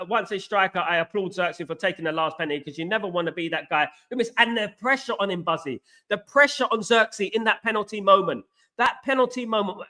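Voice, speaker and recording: Cockney geezer from east london doing a live footy reaction, high voice, greeting everyone in chat. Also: male voice. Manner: excitable, repeats stock phrases, greets viewers by name. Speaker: host of a football reaction livestream. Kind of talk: live reaction chat reading viewer comments.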